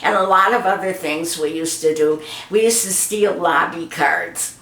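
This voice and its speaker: A woman's voice: lowish voice, measured pace, a bit bright. An older woman being interviewed, chatting about old memories and acting out the voices in her stories. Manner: chatty, acts out quoted voices. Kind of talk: reminiscing storytelling. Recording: roomy echo.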